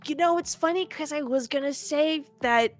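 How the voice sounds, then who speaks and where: A woman running a tabletop role-play as game master, her voice slightly high. She narrates casually and chattily, full of fillers. Faint music plays underneath. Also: moderate pace.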